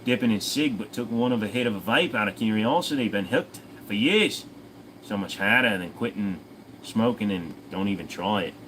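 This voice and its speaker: A man's voice: on the low side, animated, normal speed, fairly bright tone, a little hiss or hum, rough recording. A man hosting a casual livestream Q&A, reading out viewer comments and answering them in an offhand, profane way. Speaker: host.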